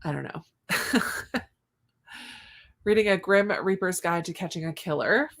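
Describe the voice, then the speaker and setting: A woman's voice: on the low side, measured pace, gravelly, a bit bright. A woman hosting a cozy reading-sprint livestream, chatting casually and reading out viewer comments with giggly asides. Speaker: booktube livestream host.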